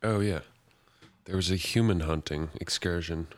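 A man's voice: deep voice, normal speed, no room sound. A man co-hosting a podcast in crude casual chat, laughing often at his own stories. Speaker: podcast co-host.

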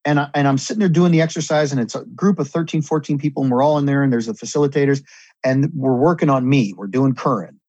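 Earnest rambling man, husky voice, dull recording. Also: medium pitch, fast talker, darkish tone, no echo. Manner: earnest, rambling, repeats and restarts. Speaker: guest. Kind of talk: candid conversation about recovery.

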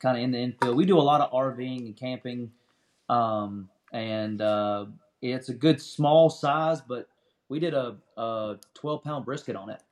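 A man's voice: mid-range voice, unhurried. A young adult man talking in an easygoing, chatty way as a guest in a casual interview.

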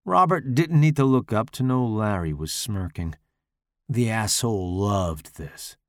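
A man reads a horror story with dramatic flair, his voice gravelly and swinging widely in pitch. The sound is dry and close, with no room around it. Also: lively intonation, unhurried, no echo. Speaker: audiobook narrator. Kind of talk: scripted horror narration.

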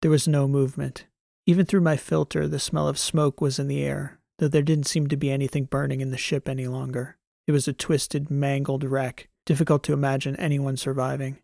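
A man reading a science fiction story as an audiobook narrator, in a measured, even way. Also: mid-range voice, vocal fry, no room sound, clean studio sound. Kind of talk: scripted narration.

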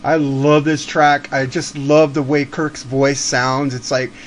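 A man hosting a casual music chat, swearing freely and gushing with excitement. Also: medium pitch, slow, a little hiss or hum. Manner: swears a lot, excitable fan talk.

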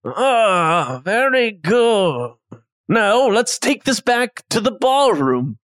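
A man's voice: high-pitched, big pitch swings, extremely slow, fairly bright tone, dry recording, voice pushed up, heavily acted. A man voicing a haughty male chef with a fussy, posh way of asking questions. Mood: impressed.

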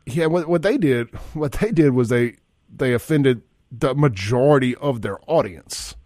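A man hosts a radio talk show in a folksy, rambling manner, often restarting his sentences. His voice sits in a middle pitch. The studio sound is dry and close. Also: animated, unhurried, darkish tone, no echo. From Mississippi. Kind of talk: casual talk radio monologue. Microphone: studio microphone.

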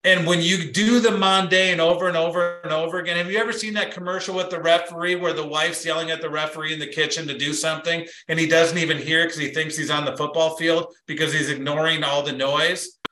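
A man's voice: a little high, brisk, few pauses, echoey room, rough recording. A middle-aged man giving a motivational business talk as guest speaker, telling stories and acting out the quotes in them. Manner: animated storyteller, acts out quotes.

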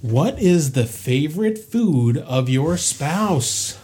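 Playful slow-talking male host. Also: on the high side, animated, a little mellow, a little hiss or hum. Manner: joking, playful game-show patter. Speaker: podcast host. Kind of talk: casual chat.

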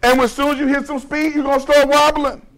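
A male preacher voicing the Holy Spirit as a calm male voice that patiently explains things step by step. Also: extremely high pitch, fairly quick, voice pushed up, rough recording. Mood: instructive.

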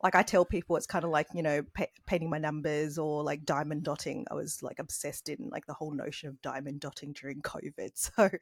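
A woman's voice: deep voice, little pitch movement, brisk, hardly any pauses, husky, dry recording, clean studio sound. An Australian woman, a guest miniature artist, chatting casually on a podcast and full of "like" and "you know".

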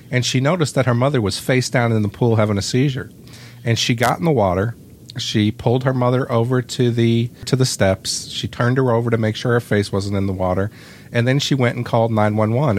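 A man with an ordinary mid-pitched voice co-hosting a podcast. He tells stories in an easygoing, conversational way. A faint low rumble sits behind him. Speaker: podcast co-host. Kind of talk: casual podcast chat.

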